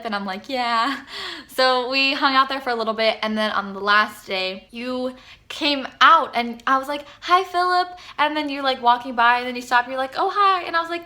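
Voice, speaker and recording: A young woman talks straight to her camera in an excited, rambling fan vlog. Her voice is bright and sits a little high. She tells her story in a gushing run-on way, full of "like.". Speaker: vlogger.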